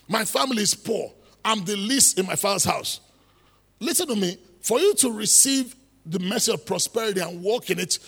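Man, preacher, high bright voice, husky edge, long hall reverb. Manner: emphatic, repeats phrases, rising into exhortation. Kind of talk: sermon.

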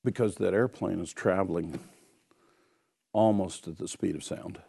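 A man delivers a sermon, weaving a personal story into earnest exhortation. His voice sits very low, with a rough gravelly edge and a husky grain. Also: unhurried, mellow. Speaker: preacher.

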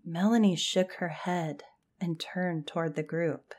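A woman narrating a scripted campfire story in a calm, measured way. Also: lowish voice.

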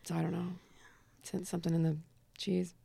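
A woman comedian, a podcast guest, telling crude stories in a deadpan manner. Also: on the low side, fairly quick, gravelly, husky, no echo. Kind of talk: casual chat.

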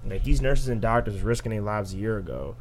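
A man's voice: fairly low pitch, brisk, soft background music. A young man in casual podcast chat, arguing with rhetorical questions. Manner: animated, argumentative, rhetorical questions.

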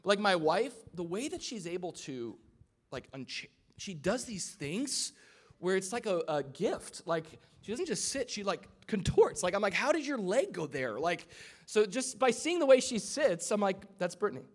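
A man's voice: high-pitched, big pitch swings, normal speed. A man preaching a sermon to a live congregation in a church, in a conversational style with joking asides. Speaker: pastor.

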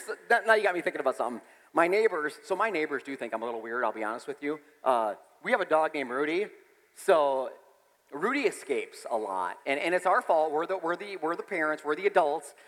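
Pastor, male: bright, animated delivery, big pitch swings, church reverb. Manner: animated storytelling, breaks into song and shouts. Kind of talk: sermon.

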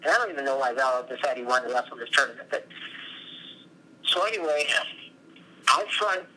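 A middle-aged former wrestler and coach, talking from his office, telling long, animated stories as an interview guest. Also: mid-range voice, a little fast, a little hiss or hum, rough recording. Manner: rambling, animated storytelling.

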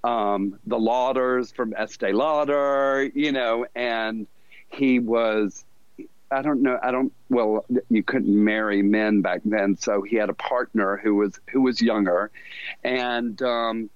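A man's voice: medium pitch, fairly even intonation, slow, clean tone, dry recording. A man in his fifties with a Southern US accent, a podcast guest who tells long, self-deprecating stories with frequent laughs. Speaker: podcast guest, fashion designer. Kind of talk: casual storytelling interview. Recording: dull, lo-fi dry sound.

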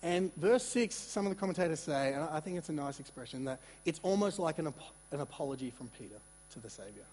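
A man preaching a sermon in a conversational, animated way, with asides and repeated words. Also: fairly high pitch, fast talker, hardly any pauses, long reverb tail, slight background noise. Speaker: pastor.

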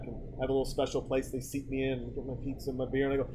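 A middle-aged man telling bar stories in casual chat, animated, acting out the voices of the people he quotes and laughing often. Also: medium pitch, racing, hardly any pauses, noisy background. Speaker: podcast guest telling stories.

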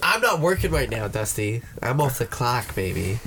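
A man's voice: mid-range voice, big pitch swings, moderate pace, noisy background. A man co-hosting a podcast, trading crude jokes and teasing his friends in casual banter. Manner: joking, teasing, swears a lot. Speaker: podcast co-host.

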